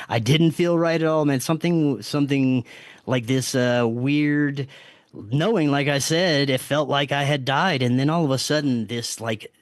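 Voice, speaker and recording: In a casual interview, a man with a medium-pitched voice tells the story of a strange experience with earnest restarts and quoted self-talk. He's a podcast guest, recorded with no room sound.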